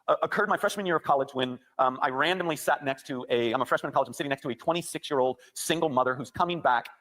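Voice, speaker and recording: A man preaching a sermon, telling a personal story that builds to impassioned shouting. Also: mid-range voice, rapid-fire. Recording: sermon clip played back.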